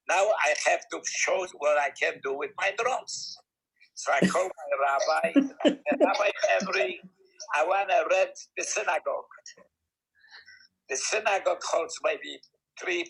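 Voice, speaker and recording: A man in his nineties telling a story in casual talk, with broken English grammar and lively acted-out voices, heard over a video call. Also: a little high, creaky, slightly rough, poor audio. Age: 90s. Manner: animated, acts out quoted voices; non-native English grammar. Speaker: guest storyteller.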